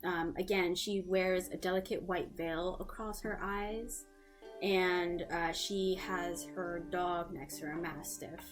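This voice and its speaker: A woman's voice: on the low side, fairly even intonation, takes it slowly, music in the background. Casual woman game master describing a scene. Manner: casual, many fillers. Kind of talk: narrating a tabletop game.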